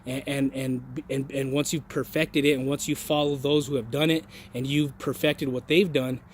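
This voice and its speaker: Guy doing a pep talk vlog, rambly, keeps restarting, folksy and earnest, middle pitch. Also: level tone, moderate pace, slight background noise. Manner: rambling, many restarts and repeated words. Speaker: motivational vlogger. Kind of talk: casual motivational monologue.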